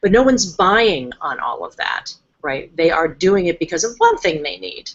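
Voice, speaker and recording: A woman's voice: on the low side, very animated, moderate pace, muffled recording. A woman hosting a casual live-stream talk as a coach, chatty and emphatic, often acting out her clients' voices. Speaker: host and coach.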